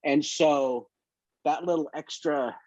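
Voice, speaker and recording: A photographer guest on a casual interview spins long, winding stories about his work, rambling as he goes. His voice is a little high and darkish, and he takes his time. The sound is dry, dull and lo-fi, with no room echo.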